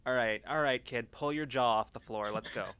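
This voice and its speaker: A man's voice: mid-range voice, brisk, a bit bright, clean tone, natural voice. Blunt, teasing crewwoman, voiced by a man. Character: gruff no-nonsense woman crew member.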